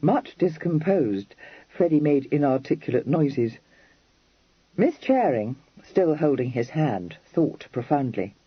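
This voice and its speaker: A man reading an audiobook aloud in a fairly high, very animated voice. His tone is husky and breathy. The recording is dry and a little dull. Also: slow pace, no echo. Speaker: audiobook narrator. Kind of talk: scripted narration.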